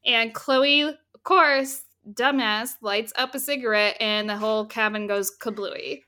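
A woman casually retelling a film's plot as a podcast co-host, lively and swearing freely. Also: on the high side, a little slow. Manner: animated storytelling, swears freely. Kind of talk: casual chat recapping a film.

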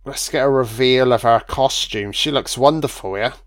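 A man's voice: mid-range voice, moderate pace. A man doing a casual, crude film commentary, swearing freely and mocking the characters.

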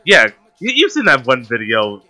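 Bright-voiced man, halting casual chat. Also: mid-range voice, huge pitch swings. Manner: halting, repeats words, many fillers.

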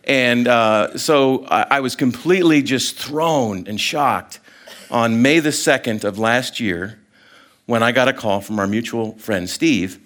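A middle-aged man giving a sermon as a story, animated and chatty, full of fillers and restarts, acting out the people in it. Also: medium pitch, measured pace. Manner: animated storyteller, acts out voices, many fillers. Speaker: guest speaker.

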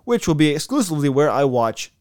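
A man's voice: fairly high pitch, very animated, quick pace, darkish tone, clean tone, no room sound, clean studio sound. A man co-hosting a sports podcast in casual, profane and opinionated chat.

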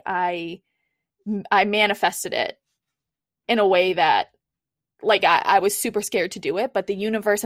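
A woman's voice: mid-range voice, dry recording, studio quality. A young adult woman, a coach and podcast guest, telling her own story in a candid, chatty way with frequent "like" fillers. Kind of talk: casual personal storytelling.

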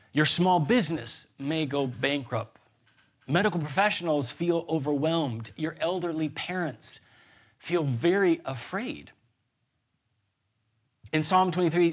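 Male pastor in his 30s, earnest sermon delivery, gentle storytelling, slightly raised pitch.

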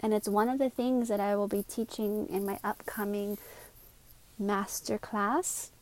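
A woman hosting a solo podcast, talking in an earnest, confiding way, with quick asides and slowed words for emphasis. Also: medium pitch, level tone, a little mellow. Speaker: podcast host. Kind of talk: reflective solo podcast monologue.

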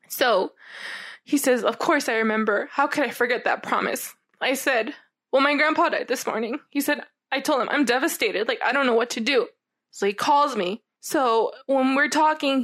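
A young woman with a slightly high voice tells a personal story in a loose, chatty way. She rambles, leans on "like" constantly and swears freely, talking to a friend rather than performing. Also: fairly bright tone. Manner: rambling, heavy use of "like", candid and swearing. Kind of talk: casual storytime chat.

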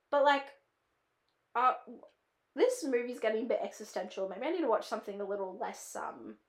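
A woman's voice: a little high, fairly bright tone. Rambling Australian woman in an echoey room. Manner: rambling, heavy use of "like", drifts into tangents. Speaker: podcast host reviewing a film. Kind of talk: casual chat.

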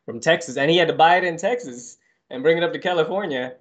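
A man in his forties, a guest on an interview show, telling his story in a relaxed, easygoing way with lots of casual fillers. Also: a little high, fast. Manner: relaxed and laughing, full of "you know" fillers, easygoing storyteller. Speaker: guest, coral farmer.

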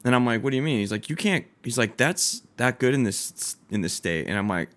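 Young adult male co-host, animated storyteller who acts out every quote, casual and profane. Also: medium pitch, fairly quick. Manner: animated, acts out quoted dialogue, swears freely, laughs often. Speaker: podcast co-host.

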